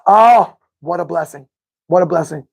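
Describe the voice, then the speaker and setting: The host of a live sports fan podcast has a fairly high, gravelly voice and a moderate pace. He chats loosely with viewers from the live chat, rambling and going back over his figures to correct them.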